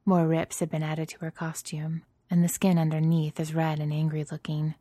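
A woman narrating a story in a steady, even reading voice. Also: low-pitched, moderate pace, no echo.

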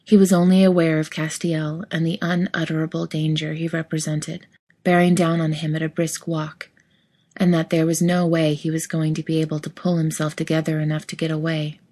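A woman narrating a work of fiction in a steady, even reading voice. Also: low voice, brisk.

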